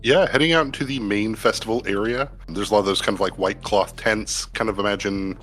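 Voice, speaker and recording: Man game master, lowish bright voice, relaxed descriptive narration, soft music bed. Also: brisk. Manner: descriptive, relaxed scene-setting with fillers.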